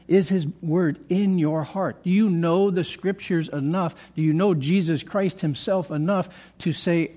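Pastor preaching a verse-by-verse sermon. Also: male voice. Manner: reads scripture aloud, then asks the congregation questions; shifts between soft low asides and loud emphatic lines. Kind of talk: expository sermon.

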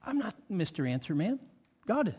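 A male pastor preaching a sermon, telling a personal story with acted quotes and dropping soft and low for confessions. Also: very animated, normal speed, breathy edge.

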